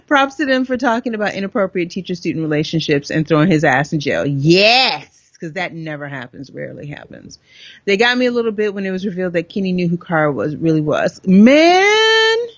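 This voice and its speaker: A woman's voice: on the low side, normal speed, dry recording, muffled recording. A middle-aged woman co-hosting a podcast, chatting casually and telling stories with lots of laughter. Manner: animated, laughing storyteller. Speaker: podcast co-host. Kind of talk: casual chat.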